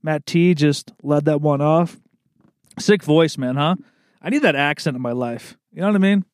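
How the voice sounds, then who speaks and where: A man's voice: a little high, moderate pace, a little mellow, no echo, studio quality. A young man with an American East Coast accent, hosting a podcast solo in a rambling, laid-back way and swearing freely. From Maryland, USA. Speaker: podcast host. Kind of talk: casual solo podcast monologue. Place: recording studio.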